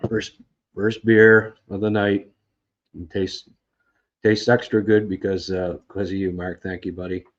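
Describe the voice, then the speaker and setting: Low, level, and unhurried, this man's voice carries a casual game recap on his podcast. He rambles in frustration with plenty of fillers and restarts, and the recording sounds dull and lo-fi.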